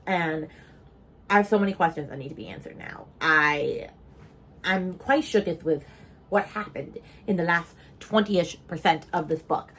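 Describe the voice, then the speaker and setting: A young woman vlogging casually about a book she is reading, chatty and animated, with mock-outraged asides and casual swearing. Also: fairly low pitch, slightly rough.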